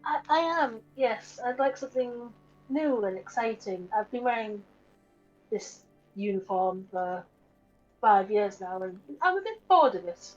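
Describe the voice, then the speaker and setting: A woman's voice: medium pitch, animated, measured pace, darkish tone. A woman playing a tabletop game, talking politely and eagerly as a player. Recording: dull sound with faint music.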